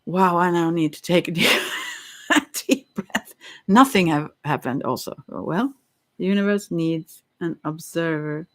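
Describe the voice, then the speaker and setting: Slow, giggly woman, musing aloud. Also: on the low side. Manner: giggly, stammering, restarts often. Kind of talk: casual rambling monologue.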